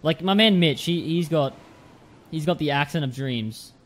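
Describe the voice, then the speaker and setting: Young Aussie male streamer, slightly higher voice, loose and repetitive gameplay chatter. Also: moderate pace. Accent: Australian. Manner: chatty, repeats words, talks to viewers. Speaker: gaming streamer. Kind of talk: casual gameplay commentary.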